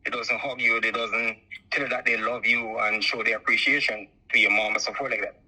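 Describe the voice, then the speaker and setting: A man phones in and spins out a long personal tale, repeatedly falling back on "so forth like that." He speaks in a lowish, level voice that is brisk and sharp, with a Jamaican accent softened by years abroad. The line is muffled.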